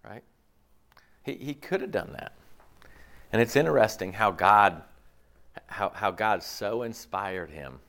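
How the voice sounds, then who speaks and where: A man preaching a sermon in an animated, rhetorical way, often checking in with the congregation. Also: lowish voice, slow pace, pauses often. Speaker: pastor.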